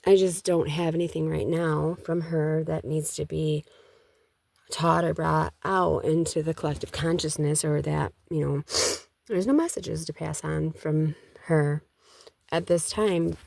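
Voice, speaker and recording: Low gravelly-voiced woman, rambling. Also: fairly even intonation, unhurried, a little mellow, no echo. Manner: rambling, with many restarts and fillers. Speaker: vlogger. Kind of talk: casual spiritual chat.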